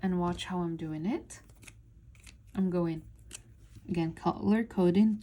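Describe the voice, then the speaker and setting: A woman teaching a beginner reading lesson, sounding out words syllable by syllable and repeating each one slowly. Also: on the low side, dark tone. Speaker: Arabic teacher. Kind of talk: slow step-by-step reading lesson.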